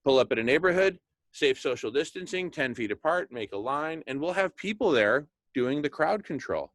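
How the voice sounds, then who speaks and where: A man talking with enthusiasm, pitching a plan and acting out little scenes, with "right?" thrown in often. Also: expressive, moderate pace, a bit bright, no room sound. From Hispanic background, speaks Spanish. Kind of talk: animated monologue.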